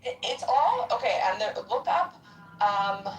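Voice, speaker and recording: A woman in casual group chat, talking in a blunt, crude and animated way. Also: medium pitch, unhurried, soft background music. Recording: roomy, distant mic.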